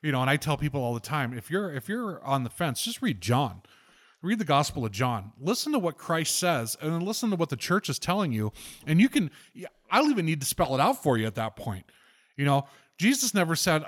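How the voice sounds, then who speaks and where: Animated irreverent male podcast host. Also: a little high, brisk. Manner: animated storyteller, irreverent, rising to preachy. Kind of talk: casual podcast chat.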